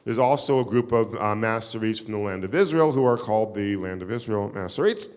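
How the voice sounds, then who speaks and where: A man's voice: fairly low pitch, fairly quick, darkish tone, clean tone. A man giving a live keynote lecture to an audience, engaging and quizzing the room with wry asides. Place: synagogue hall with live audience. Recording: long hall reverb.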